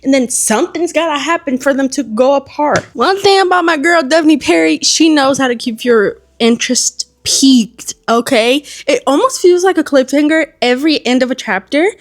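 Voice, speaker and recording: A woman vlogging about books from her home, talking in a fairly high voice. She is animated and exclamatory and swears freely. The sound is close and dry. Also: no echo. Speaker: book vlogger. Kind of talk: casual reading vlog.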